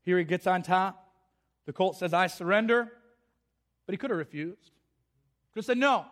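High-voiced impassioned male preacher. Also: animated, moderate pace. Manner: impassioned, repetitive, with frequent restarts. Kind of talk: sermon.

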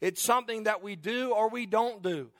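A man's voice: sits high, normal speed, fairly bright tone, no echo. A man in his forties preaching an earnest, conversational sermon in a church, often restarting and repeating phrases. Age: 40s. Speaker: pastor.

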